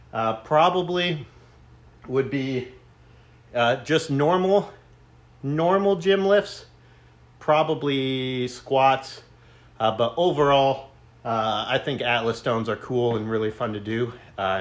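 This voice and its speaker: A fitness streamer with a medium-pitched, fairly bright voice goes live from a gym, a bit out of breath between sets of lifting. He chats loosely, jokes with viewers, and reads their comments aloud, all picked up by a camera mic.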